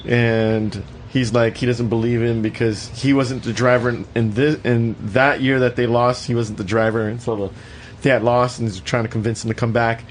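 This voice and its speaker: A man's voice: mid-range voice, little pitch movement, normal speed, slight background noise. A man casually discussing a movie with his co-host, blunt and profane. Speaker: podcast co-host. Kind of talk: casual movie review chat.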